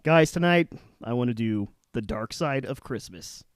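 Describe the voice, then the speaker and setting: A man's voice: medium pitch, animated, moderate pace, dry recording, clean studio sound. A man hosting a podcast in casual chat, joking and sarcastic with his friends. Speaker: podcast host.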